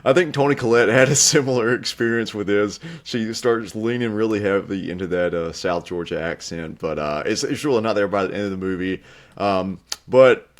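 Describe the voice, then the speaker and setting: A man's voice: fairly low pitch, normal speed. A young man co-hosting a film review show, talking in an easygoing, chatty way. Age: young adult. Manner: easygoing, chatty, light laughs. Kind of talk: casual film review chat.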